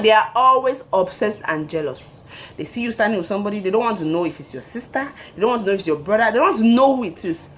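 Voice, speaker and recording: A woman's voice: medium pitch, a little hiss or hum. A woman hosting her own show, giving relationship advice in an emphatic monologue and repeating her key phrases.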